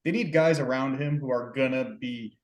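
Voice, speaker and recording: A man co-hosting a sports podcast, measured and analytical, building long arguments. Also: medium pitch, echoey room, rough recording. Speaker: podcast co-host. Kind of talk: casual sports chat.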